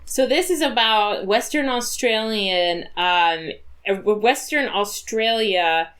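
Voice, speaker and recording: A woman's voice: medium pitch, slow pace, fairly bright tone. A woman co-hosting a podcast in casual chat, talking loosely and laughing often. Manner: chatty, laughs often, reads quotes aloud. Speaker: podcast co-host.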